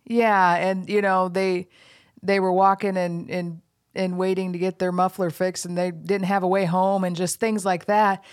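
Lively woman host chatting warmly. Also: on the low side, normal speed. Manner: animated, affirming, with laughs. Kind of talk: casual chat.

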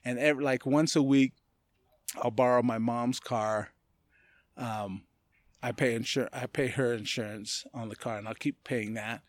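Man from California, podcast guest, animated storyteller, mid-pitched voice, dry close sound. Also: no room sound. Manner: animated, acts out other people's lines in quick voices; laughs often through his story. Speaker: podcast guest, martial arts gym owner. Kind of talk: casual storytelling.

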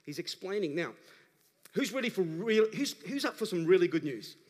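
Pastor preaching in a reverberant hall. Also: male voice, high voice, normal speed. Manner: animated, rising to emphatic calls to the congregation. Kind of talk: sermon.

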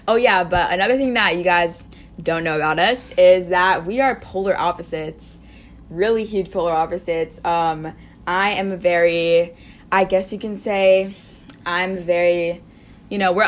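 A woman's voice: fairly low pitch, normal speed. A teenage girl co-hosting a podcast, talking in a rambling, laid-back way full of "like" and "you know". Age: teens. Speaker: podcast co-host. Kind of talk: casual chat.

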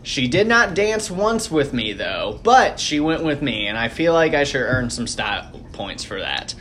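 A man hosting a podcast, his voice sitting at an ordinary middle pitch. He chats loosely and rambles through self-deprecating stories, dotting them with fillers. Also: very animated, a little slow, a bit bright, slight background noise. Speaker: podcast host. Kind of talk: casual podcast chat.

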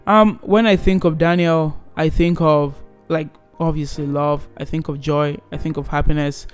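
A young man in his twenties casually telling a personal story, animated and rambling with many restarts. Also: fairly high pitch, moderate pace, clean tone, faint music behind.

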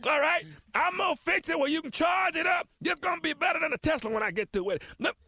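A man's voice: very high voice, expressive, fast talker, crowd noise. A man voicing a jive-talking, boastful backyard mechanic father who rambles and hollers in comedy improv. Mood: hollering. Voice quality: loud, rambling, jive slang. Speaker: radio show regular.

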